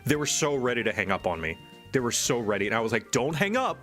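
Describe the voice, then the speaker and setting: Streaming live over soft background music, a man who is a streamer and animator chats casually and rants in exasperation. His voice is fairly low and a bit bright, and he talks quickly and animatedly as he vents.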